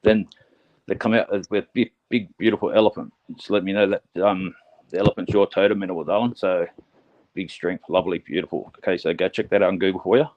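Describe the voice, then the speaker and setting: A fairly low-voiced man gives a live online psychic reading in a soft, halting way, stopping and restarting often. He is nervous, on air for the first time. The sound is a little muffled, like live stream audio. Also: fairly even intonation. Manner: halting, gentle, full of fillers and restarts. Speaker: psychic medium.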